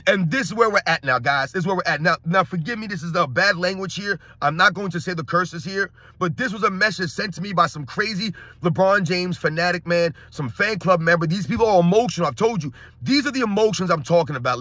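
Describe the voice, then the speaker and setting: A man's voice: sits high, bright, forceful tone, no room sound, studio quality. A middle-aged man hosting a sports commentary channel, ranting heatedly and emphatically, often tagging his lines with "man".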